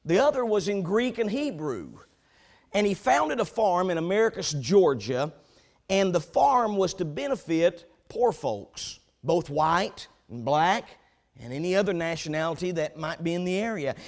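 A man preaching a sermon, telling a story with animated build-ups before turning to the scripture text. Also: sits high, a little slow. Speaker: pastor.

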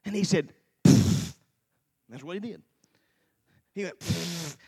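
A preacher in his forties giving a sermon, telling his own story and swinging from quiet storytelling to slow, shouted fervor. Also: sits high, breathy edge. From Tennessee. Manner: shouts and slows down in the fervent parts, quiet and fast in the storytelling.

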